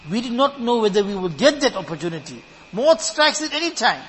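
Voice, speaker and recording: A man's voice: extremely high pitch, sing-song, brisk, in a large hall, a little hiss or hum, rough recording. A man giving a sermon, earnest and emphatic, who often repeats words as he builds a point. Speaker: preacher.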